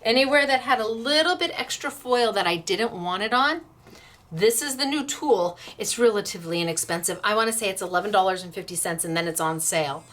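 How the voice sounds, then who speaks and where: A woman's voice: mid-range voice, lively intonation, brisk, a bit bright. A woman hosting a casual craft demonstration, chatty and upbeat, laughing easily as she works. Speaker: craft shop host.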